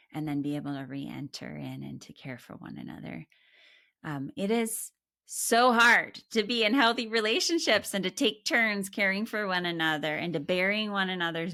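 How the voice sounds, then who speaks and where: Expressive woman co-host, bright tone with a gravelly edge, dry sound. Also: fairly low pitch, dry recording. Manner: expressive, laughs often, acts out voices in examples. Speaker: podcast co-host, therapist. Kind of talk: casual chat.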